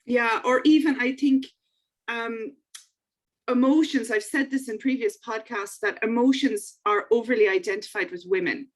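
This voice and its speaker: A woman interviewer who speaks calmly and reflectively and murmurs soft agreement while her guest talks. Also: on the high side, normal speed. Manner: calm, reflective, lots of soft backchannel murmurs. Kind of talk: interview conversation.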